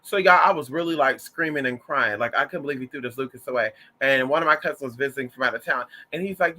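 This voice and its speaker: A man's voice: a little high, lively intonation, fast talker, hardly any pauses, pushed and bright. A man telling a story to his viewers in a casual, sassy and profane way, full of drama. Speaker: vlogger.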